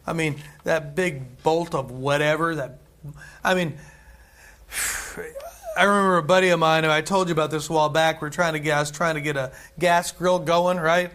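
High-pitched, chatty preacher man. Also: fairly even intonation, moderate pace, fairly bright tone. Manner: conversational, repeats phrases, tosses in "right?" and "amen". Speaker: pastor. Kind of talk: sermon.

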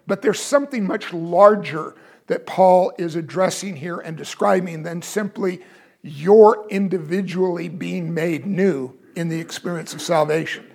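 A man teaching from the Bible in a high, gravelly voice. He explains carefully and keeps asking his listeners questions to make his point.

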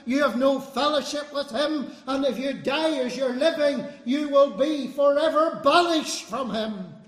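A man's voice: very high-pitched, fairly bright tone. A man preaching a fervent, emphatic sermon to a congregation. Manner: fervent, emphatic, appealing to the listener. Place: congregation hall. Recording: long hall reverb.

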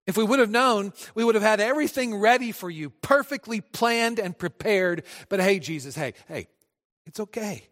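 A woman's voice: medium pitch, animated, normal speed, voice pushed up, close to an everyday voice. A male preacher voicing a flustered, eager hostess who gushes her welcome in a raised voice, heard in a reverberant hall. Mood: gushing. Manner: breathless, gushing, over-eager.

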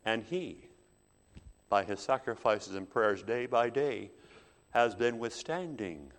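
Man preaching, deep voice, dramatic hush-to-loud, big echoey hall. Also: expressive, slow. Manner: dramatic, swinging from hushed to loud emphasis. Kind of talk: sermon. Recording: long hall reverb.

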